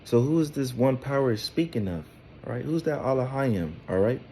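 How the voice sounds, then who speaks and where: A man's voice: mid-range voice, animated, normal speed, dark tone, slight background noise. A man giving a loose, informal scripture lesson who keeps asking "all right?" and rambles with fillers and repeated words. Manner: tags nearly every phrase with "all right?". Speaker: Bible teacher.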